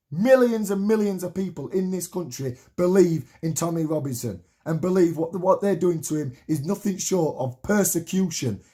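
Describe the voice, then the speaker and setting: Heated and full of profanity, a late-thirties man delivers a repetitive, rallying monologue straight to camera. His voice is pitched high for a man, though its tone is warm and soft rather than bright.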